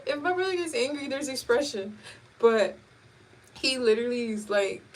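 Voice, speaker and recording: A woman hosting a casual live chat, telling stories in an animated way and laughing often. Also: fairly high pitch, moderate pace. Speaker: host. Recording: distant mic with faint background noise.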